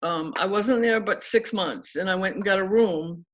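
A woman's voice: medium pitch, normal speed. Candid woman in her sixties, muffled recording. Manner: candid, acts out remembered dialogue. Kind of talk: personal life story.

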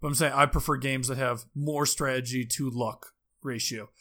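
A man's voice: mid-range voice, steady tone, moderate pace, pushed and bright. A man co-hosting a casual podcast, chatting in an easygoing way. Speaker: podcast co-host. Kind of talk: casual chat.

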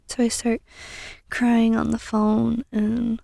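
A young woman hosting a casual self-help podcast, earnest and encouraging, sometimes dropping into soft whispery asides. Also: fairly high pitch, monotone, takes it slowly, gravelly, no echo. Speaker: podcast host.

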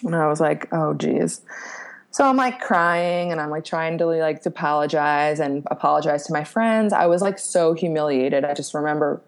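A woman's voice: sits low, moderate pace. A young woman from Pennsylvania, a podcast guest, frankly telling a personal story with plenty of fillers, casual swearing and laughs at herself. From Pennsylvania, USA.

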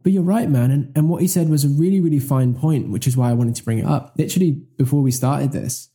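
Very dark-voiced male podcast co-host. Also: mid-range voice, fast talker. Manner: enthusiastic, rambling, self-correcting. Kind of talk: casual chat.

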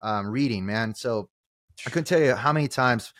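A man's voice: medium pitch, moderate pace, fairly bright tone, no room sound, studio quality. A man who is a real estate agent and podcast guest, talking bluntly with frequent profanity in casual chat.

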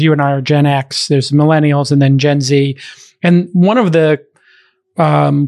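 A man's voice: fairly high pitch, dry recording, studio quality. A man in his fifties interviewing a guest, asking long, rambling, thoughtful questions. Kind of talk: conversational interview.

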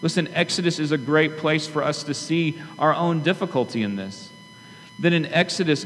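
Man, pastor, earnest conversational sermon, talks straight to the congregation, long church echo. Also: a little high. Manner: conversational, earnest preaching with frequent asides to the congregation. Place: church sanctuary. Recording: long hall reverb with faint hum.

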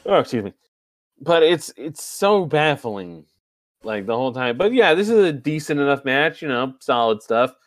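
A man's voice: mid-range voice, very animated, moderate pace, no room sound, studio quality. A man co-hosting a casual wrestling recap, sarcastic and profane, joking with his co-host. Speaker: podcast co-host.

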